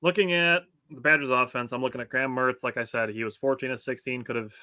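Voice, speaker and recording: A man co-hosting a casual sports podcast, riffing on games and reading viewer comments aloud. His voice is bright and forward, recorded close and dry with no room sound. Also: medium pitch, fairly even intonation, fast talker, no room sound. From United States. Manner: laughs often, reads chat comments aloud. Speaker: podcast co-host. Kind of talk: casual sports talk chat.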